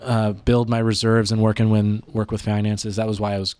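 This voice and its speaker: A man's voice: fairly low pitch, little pitch movement, brisk, darkish tone, clear, resonant tone, no echo. A young man in casual chat among friends, rambling with many fillers and restarts.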